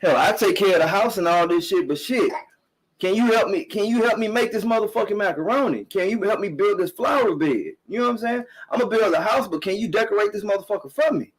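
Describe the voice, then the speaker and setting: A man's voice: high voice, expressive, quick pace, slightly rough, rough recording. A middle-aged man hosting a live-streamed podcast, ranting bluntly and emphatically, swearing often and repeating himself. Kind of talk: casual profane commentary rant.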